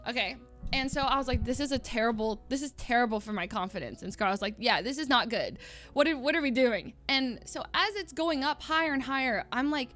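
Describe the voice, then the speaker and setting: A young woman livestreamer telling a story in a casual, animated way, laughing often and acting out quotes in a higher voice. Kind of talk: casual storytelling to stream chat.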